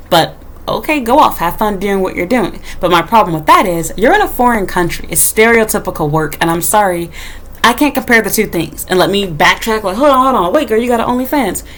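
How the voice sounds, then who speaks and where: A woman's voice: lowish voice, fairly bright tone. Sassy woman ranting at her haters on her channel, blunt and cussing. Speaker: YouTuber. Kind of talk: casual rant to camera. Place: home in Japan.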